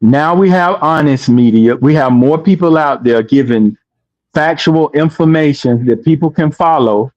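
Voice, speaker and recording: A man in casual talk, speaking slowly and deliberately with fillers. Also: a little high. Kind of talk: casual talk about media. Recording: dull lo-fi sound.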